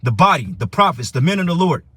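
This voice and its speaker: Husky-voiced man preaching heatedly. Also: a little high, animated, quick pace, sharp tone, no echo. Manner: profane and confrontational, reads and explains scripture. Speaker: teacher of a religious camp.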